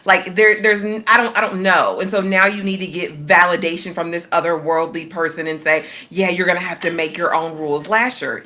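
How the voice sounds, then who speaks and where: Blunt bright-voiced woman co-host. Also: lowish voice. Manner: blunt, opinionated, with dry sarcasm. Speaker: co-host on a recap panel. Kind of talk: casual recap chat.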